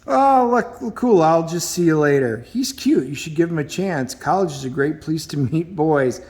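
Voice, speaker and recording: A man's voice: a little high, animated, moderate pace, darkish tone. A nosy, gushing mother, put on by a man, chirps along in a raised, sing-song voice. She meddles in her daughter's love life with cheerful insistence. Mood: teasing.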